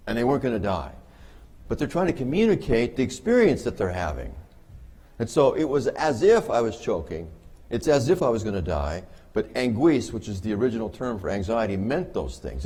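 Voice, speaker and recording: A man lectures at a conference with a wry, teasing humor, pausing for the audience's laughter. His voice sits a little low with a husky edge. He explains ideas plainly and pokes fun at his own field. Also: darkish tone. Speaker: conference speaker on behavior analysis. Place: conference hall.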